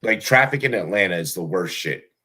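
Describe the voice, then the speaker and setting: Deep-voiced young man rambling casually. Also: animated, fairly quick, sharp tone. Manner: rambling, many fillers and restarts. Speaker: fantasy football show host. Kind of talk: casual profane podcast chat.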